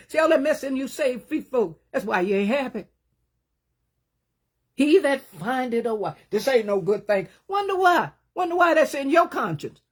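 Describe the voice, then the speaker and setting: A woman delivers a sermon with passion and emphasis, her slightly rough voice surging into loud bursts before falling to hushed, low asides.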